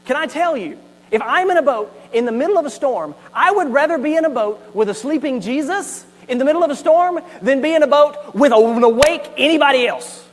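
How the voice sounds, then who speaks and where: Pastor guy, high voice, lively storytelling sermon, faint hum behind. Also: brisk. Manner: animated storytelling with asides and acted quotes. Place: church sanctuary. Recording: hall reverb with faint mains hum.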